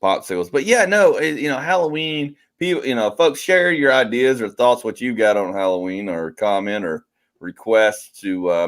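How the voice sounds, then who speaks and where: Forties man, low voice, podcast host, chatty and rambling. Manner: rambling, chatty, reads out listener comments. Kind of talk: casual chat.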